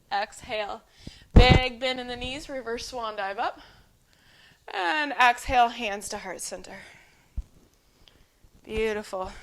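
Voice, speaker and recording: High-voiced woman guiding yoga. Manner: calm, encouraging breath cueing. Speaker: yoga instructor. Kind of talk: guided yoga flow cues. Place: home, dogs nearby.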